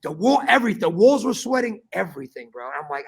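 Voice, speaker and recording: Gravelly high-voiced man telling a wild story. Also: fast talker. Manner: animated, swearing, calls listener bro. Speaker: podcast host. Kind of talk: casual storytelling chat.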